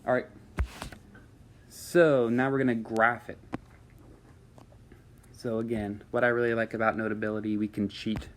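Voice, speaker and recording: Guy teacher doing a math screen recording, lowish voice, chill, keeps saying all right, bit of hum behind. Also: normal speed, pauses often. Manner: relaxed, talks students through steps with frequent "all right".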